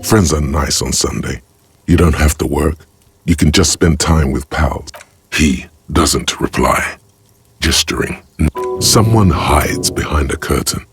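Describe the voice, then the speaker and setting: A man voicing the grave, wry narrator of a video game, giving theatrical inner commentary in a gravelly voice. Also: rumbling low, a little slow, exaggerated voice. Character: grave omniscient male narrator voice, the detective's inner skills. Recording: game audio with faint music.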